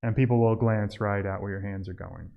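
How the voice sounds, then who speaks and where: A man teaching a church group how to make home visits, talking casually and acting out doorstep scenes in a raised, lively voice. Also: lowish voice, brisk, creaky, narrow, tinny audio. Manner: admits he mumbles when tired. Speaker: church outreach trainer. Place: church hall.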